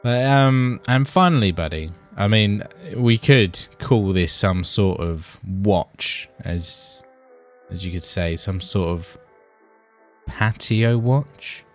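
A man's voice: deep voice, slow pace. A British man co-hosting a podcast in casual chat. He rambles and swears, keeps calling his co-host buddy, and has faint music behind him.

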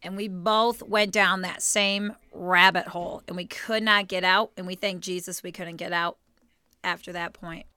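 A woman co-hosting a casual faith podcast, playful and quick with reactions. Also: lowish voice, fairly even intonation, pushed and bright, smooth, no room sound, studio quality. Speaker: podcast co-host.

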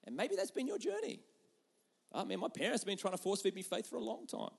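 A young adult man preaching a sermon, telling stories with lively swings between loud and hushed delivery. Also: high voice, creaky, slightly rough. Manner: animated storytelling with quick shifts between loud and hushed. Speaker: pastor.

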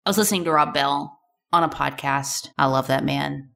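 A woman's voice: deep voice, moderate pace, vocal fry, a bit bright. A woman in her thirties hosting a casual solo podcast, chatty and playful, full of rhetorical questions. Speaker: podcast host.

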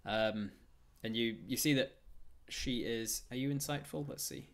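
A man's voice: mid-range voice, unhurried. A man narrating a tabletop game as game master, rambling with frequent fillers and restarts.

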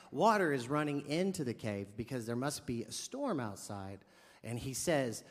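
A man's voice: medium pitch, moderate pace, in a large hall. A man preaching a sermon, telling a funny story with lots of acted-out dialogue and comic asides. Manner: animated, jokey storyteller acting out dialogue.

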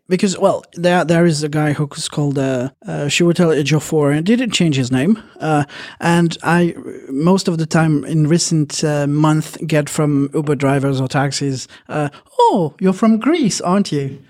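Hesitant host explaining, full of uhs. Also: male voice, on the high side, measured pace, hardly any pauses, a little mellow. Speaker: podcast host. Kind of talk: casual chat.

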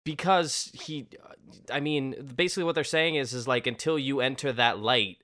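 A man co-hosting a podcast in casual chat, animated and acting out quotes in little voices. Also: medium pitch, moderate pace. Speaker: podcast co-host.

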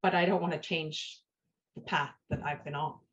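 A woman's voice: low voice, steady tone, normal speed. A woman hosting a podcast, telling personal stories in a casual, heartfelt way and often checking in with "right?". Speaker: podcast host. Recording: dull lo-fi sound.

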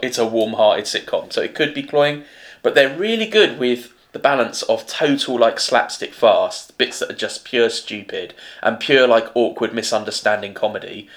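A man with a low-pitched voice, co-hosting a relaxed discussion of television. He talks thoughtfully and weighs each point as he makes it. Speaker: podcast co-host. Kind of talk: casual chat about TV.

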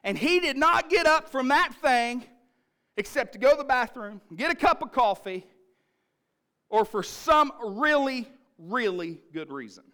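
A male pastor preaching a sermon, telling family stories in an animated, punchy way. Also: extremely high pitch, a little slow.

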